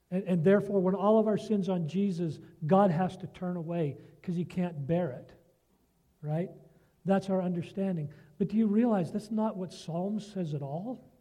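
Slow, earnest high-voiced male preacher. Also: warm tone. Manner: slow, earnest, asks the listeners rhetorical questions. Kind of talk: sermon with a story and scripture reading.

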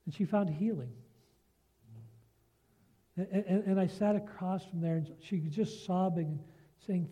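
A male preacher with a fairly high, mellow voice and a breathy edge delivers a sermon slowly and without hurry, keeping a steady tone. Sharing a story and reading scripture, he speaks earnestly and keeps checking in with listeners through rhetorical questions.

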